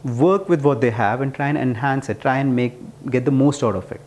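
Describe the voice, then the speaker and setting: A man's voice: medium pitch, fairly quick, a little mellow. A man telling a parable to make a point about management, earnest and prone to restarts. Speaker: speaker explaining management ideas. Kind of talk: casual explanatory talk.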